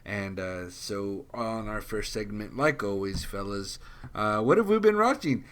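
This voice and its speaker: A man hosting a casual podcast, easing into the segment with relaxed filler-heavy talk. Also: on the low side, a little slow, clear, resonant tone. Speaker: podcast host. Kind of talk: casual chat.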